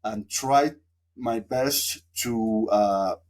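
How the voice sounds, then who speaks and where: A man from Mexico, appearing as a podcast guest, speaks very slowly in a lowish, slightly mellow voice. In a casual storytelling interview, he tells a long, reflective tale that rambles with plenty of fillers.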